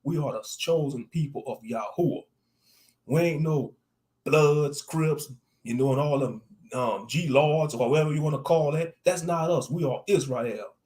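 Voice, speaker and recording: A man's voice: on the high side, moderate pace, darkish tone. A man giving live-streamed religious commentary, reading scripture aloud and riffing on it in slangy talk with a preachy edge, repeating lines for emphasis. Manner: preachy, reads scripture then riffs on it. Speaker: online commentator.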